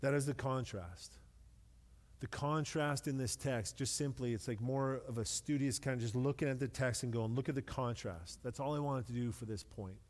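A middle-aged man preaching a sermon in a relaxed, conversational way, with light self-deprecating humor and words repeated when he stresses a point. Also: medium pitch, normal speed. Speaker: pastor. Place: church sanctuary with long reverb. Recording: long hall reverb.

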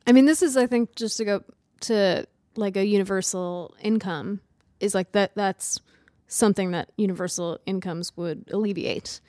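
A woman guest on a podcast, chatting casually with sarcastic, animated remarks. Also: mid-range voice, no echo, studio quality. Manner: animated, sarcastic, talks in quick bursts. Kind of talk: casual chat.

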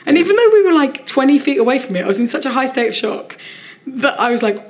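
Casting note: woman comedian, lively anecdote teller, slightly higher voice, laughing through it. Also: fast talker. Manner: animated storytelling, frequent laughter, swearing. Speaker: comedian guest. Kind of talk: casual anecdote on a live podcast.

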